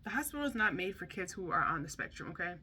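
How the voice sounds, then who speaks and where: A woman's voice: lowish voice, quick pace, slightly rough. A young woman telling a candid storytime about her son's hospital stay, talking chattily and acting out the people she quotes. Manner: chatty, animated, acts out quotes.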